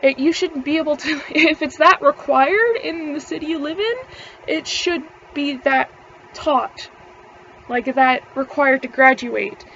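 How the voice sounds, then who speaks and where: A woman's voice: high voice, a little slow, fairly bright tone, muffled recording, slight background noise. A young woman, ranting casually to camera, rambling, swearing freely and laughing between words. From Canada. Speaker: vlogger.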